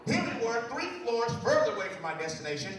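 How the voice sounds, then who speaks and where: Male motivational speaker, high-pitched, storytelling with dramatic pauses, distant mic in a very echoey hall. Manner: storytelling, dramatic pauses, lively acted quotes. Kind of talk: motivational speech to students. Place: large school hall or gym. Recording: very echoey hall, far-off mic, faint noise.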